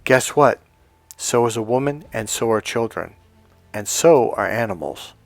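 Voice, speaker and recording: A man's voice: mid-range voice, lively intonation, measured pace, gravelly, no echo, faint music behind. A man coaching other men on dating in an emphatic, blunt monologue, swearing freely as he drives his points home. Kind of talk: motivational monologue to camera.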